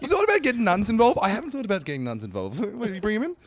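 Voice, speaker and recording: A man co-hosting a casual chat, teasing and laughing loudly. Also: high voice, sing-song, rapid-fire, a crowd in the background. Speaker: podcast co-host.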